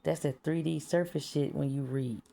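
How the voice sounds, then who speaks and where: A woman's voice: low voice, fairly even intonation, moderate pace, creaky, mellow. A woman in a casual spiritual monologue, talking bluntly and profanely, laughing at her own jokes and sometimes dropping to a whisper. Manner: drops to whispers at times. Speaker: vlogger.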